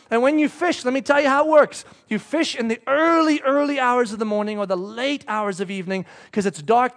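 High-pitched preacher guy telling a bible story all animated. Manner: animated storytelling, acts out the characters' voices. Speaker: pastor. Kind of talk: sermon.

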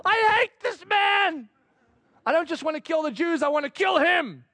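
A vain, self-important court official, giddy and gloating, his voice pitched very high above an ordinary man's, as a preacher puts him on. He rushes ahead, puffed up with his own importance. It is a bit of acted storytelling within a sermon. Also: dry recording, heavily acted. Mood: furious. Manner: excited, gloating. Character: boastful vain male royal official.

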